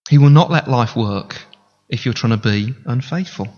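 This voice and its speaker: A man's voice: mid-range voice, lively intonation, moderate pace, darkish tone. A man preaching a sermon as pastor, speaking earnestly and conversationally and appealing directly to his congregation. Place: church sanctuary. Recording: reverberant hall, dull lo-fi sound.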